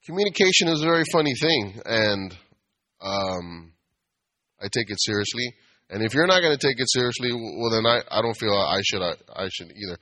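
Man, casual preacher-style talk, bright forceful tone, animated storytelling with humor; asks the crowd for amens. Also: fairly low pitch, fairly quick. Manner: animated, asks the audience for amens, acts out bar customers. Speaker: speaker giving a talk.

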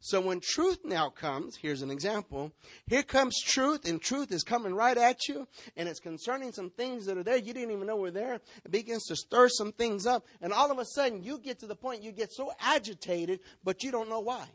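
A male pastor preaching a sermon in an animated way, stepping into role-play to act out members of his congregation. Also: high voice, fairly quick, few pauses, no room sound.

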